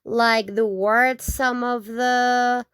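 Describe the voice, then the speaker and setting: Slow, dry-voiced woman teaching words. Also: a little high, steady tone, fairly bright tone, clear, resonant tone, no room sound. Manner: repeats each word several times, checks in with "okay?". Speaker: Spanish teacher. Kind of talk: slow, repetitive vocabulary lesson.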